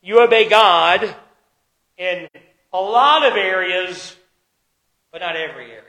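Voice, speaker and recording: A man preaching a sermon as pastor, swinging between loud emphatic lines and quiet ones, slowing down to stress key words. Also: sits high, animated, poor audio. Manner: preaching with dramatic shifts in loudness and pace.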